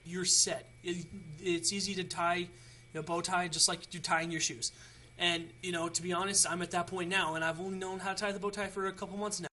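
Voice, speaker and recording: A man's voice: high-pitched, bright, forceful tone. A young man hosting a casual how-to video, chatty and rambling with frequent restarts. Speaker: tutorial host.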